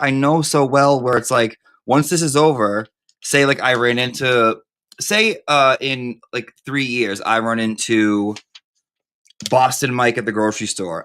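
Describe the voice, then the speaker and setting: A man's voice: mid-range voice, a bit bright. Brief: male live-stream host, loose campy chat, foul-mouthed and rambling.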